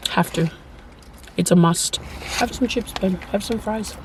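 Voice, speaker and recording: A woman's voice: medium pitch, measured pace, noisy background. A woman with an Australian accent chatting casually in a car for her vlog, giggly and teasing, a little sick with a cough. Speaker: vlogger. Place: in a parked car.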